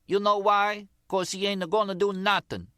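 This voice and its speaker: A man's voice: sits high, flat delivery, moderate pace, bright, forceful tone, clear, resonant tone, no room sound, clean studio sound, voice pushed up. A man voicing a brash young woman who gossips and wheedles in an audiobook reading. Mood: gossipy.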